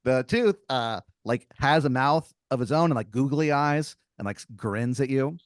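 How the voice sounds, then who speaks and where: A man's voice: medium pitch, expressive, moderate pace, dry recording, studio quality. A man improvising a story as game master on a comedy podcast, rambling with lots of fillers.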